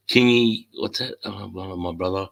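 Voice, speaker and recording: Aussie male streamer, low voice, loose and sweary, shouting out viewers by name. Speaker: live stream host. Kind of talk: casual live stream chat.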